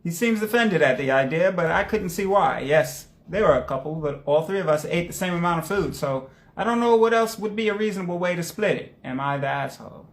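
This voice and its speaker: A man's voice: high-pitched, expressive, a little fast, hardly any pauses. Playful male podcast co-host. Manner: playful, reads steadily then jokes. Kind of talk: casual chat, reading posts aloud. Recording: roomy echo.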